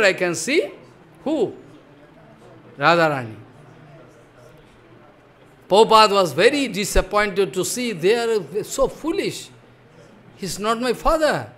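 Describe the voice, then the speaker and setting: High, bright-voiced man preaching. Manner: emphatic, questioning, repeats points with "follow?". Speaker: spiritual teacher. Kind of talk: devotional sermon.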